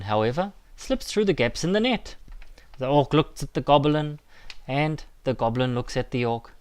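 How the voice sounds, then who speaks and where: A man narrating a children's story in a slow, measured, expressive way. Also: mid-range voice.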